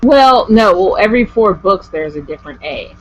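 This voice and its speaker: A woman's voice: medium pitch, animated, moderate pace. A woman vlogger chatting casually with a guest, gushing and rambling with lots of "like". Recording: dull lo-fi home recording.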